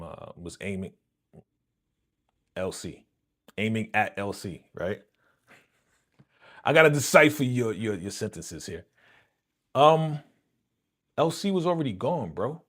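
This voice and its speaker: A man's voice: on the low side, animated, a little slow, pauses often. A man hosting a reaction video, chatting casually and slangily to viewers, chuckling and repeating himself as he breaks down an episode. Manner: frequent chuckles and repeated phrases. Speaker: reaction channel host.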